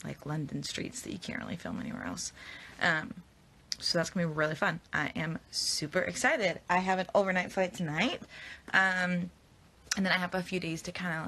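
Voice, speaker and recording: A young woman, tired yet upbeat, talks casually on a phone livestream and answers viewers' comments. Her voice sits a little low but sounds bright. Faint background noise runs under it. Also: gravelly. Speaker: actress on a livestream.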